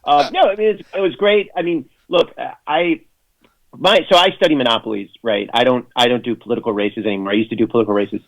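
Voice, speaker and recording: A man's voice: medium pitch, fast talker, muffled recording. A man speaking as a radio guest in a casual, rambling way, full of fillers and restarts, with sardonic jokes. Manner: sardonic jokes in mock voices. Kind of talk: casual radio interview chat.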